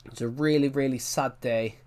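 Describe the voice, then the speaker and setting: A man's voice: medium pitch, fairly even intonation, moderate pace, darkish tone. A man livestreaming a game, telling stories in a rambling casual chat and often correcting himself mid-sentence. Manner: rambling storyteller, frequent self-corrections.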